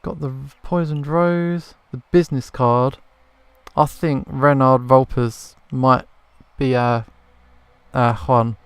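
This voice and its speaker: A man's voice: medium pitch, steady tone, slow, clean tone, dry recording. Man musing through a game. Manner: thinking aloud, hesitant restarts. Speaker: gamer. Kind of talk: casual let's play commentary.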